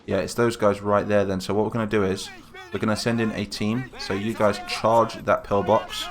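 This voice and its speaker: A man hosting casual, chatty game commentary, getting excited and calling out to the troops as he plays. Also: on the low side, moderate pace, music in the background. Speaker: gaming channel host. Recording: game gunfire and explosions behind voice.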